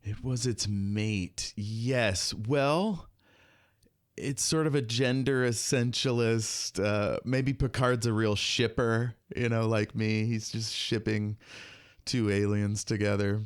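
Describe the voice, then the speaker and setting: A man's voice: fairly low pitch, fairly even intonation, clean tone, no echo, clean studio sound. A man hosting a podcast, chatting casually and joking often. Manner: joking, chatty, quick to laugh. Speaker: podcast host. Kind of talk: casual chat.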